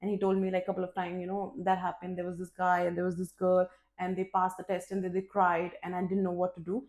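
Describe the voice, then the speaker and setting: A woman vlogger telling a personal story in a candid, expressive, casual way, swearing freely and poking fun at herself. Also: fairly low pitch, fast. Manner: candid and expressive, with frequent swearing and self-mocking humor. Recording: roomy echo.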